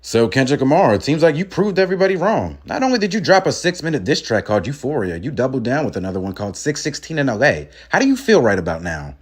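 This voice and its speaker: A man's voice: medium pitch, very animated, quick pace, few pauses, pitched below the performer's own voice, lightly acted. A man playing a pushy interviewer. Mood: probing. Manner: leading questions, needling. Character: pushy male interviewer hungry for drama. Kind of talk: comedy sketch.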